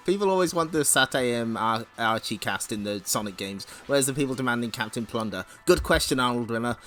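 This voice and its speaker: A man's voice: mid-range voice, expressive, fairly quick, a bit bright, soft background music. A man hosting a casual comic read-along stream, laughing often and making wry asides. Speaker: streamer reading comics aloud.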